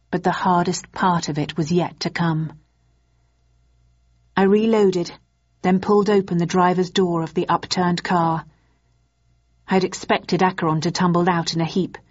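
A woman reading a first-person novel aloud in a measured, even storytelling manner. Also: on the low side, highs cut off. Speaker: audiobook narrator.

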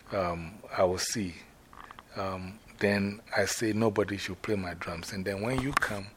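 Low-voiced man talking through a rehearsal plan. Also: fairly bright tone, a little hiss or hum. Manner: halting, with many fillers and restarts while he plans aloud. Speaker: performer leading a rehearsal. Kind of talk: explaining a planned performance.

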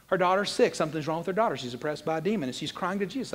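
A man preaching a sermon as a pastor, animated, swinging between loud emphasis and quiet asides. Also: a little high, quick pace, big-room sound. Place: church sanctuary.

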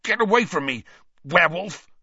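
A man voicing a pained, alarmed teenage boy who gasps his words out loudly. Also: high voice, animated, normal speed, breathy edge, no room sound, highs cut off, pitched above the performer's own voice, heavily acted. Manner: gasping, loud.

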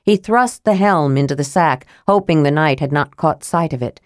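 A woman reading a fantasy novel aloud as an audiobook narrator, in measured, even storytelling. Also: deep voice, no room sound, clean studio sound.

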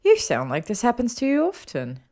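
A woman voicing a sharp, testy young witch. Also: fairly high pitch, huge pitch swings, moderate pace, voice pushed up, full character voice. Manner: pointed, questioning and insistent. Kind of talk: audiobook character voice.

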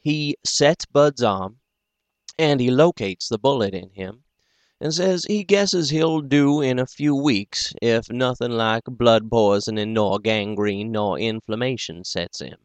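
A man hosting a podcast and reading a book aloud, in a dry, self-deprecating way with casual pauses. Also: medium pitch, dry recording. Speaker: podcast host and audiobook reader. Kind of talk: casual audiobook narration.

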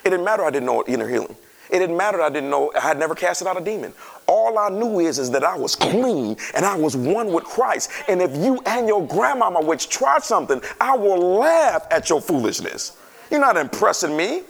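A man preaching a sermon to a congregation, reading scripture and breaking into animated, conversational asides to the listeners. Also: high-pitched, brisk, vocal fry.

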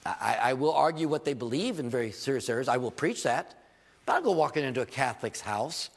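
A man's voice: mid-range voice, lively intonation, fast talker, creaky, long reverb tail. A man preaching a sermon as a pastor, telling stories to his congregation and building to emphatic points.

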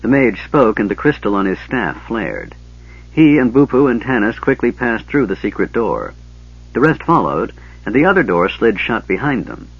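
A man narrates a fantasy story in a steady, even storytelling voice. His voice is low and husky. The recording sounds dull and lo-fi. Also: normal speed. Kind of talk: scripted narration.

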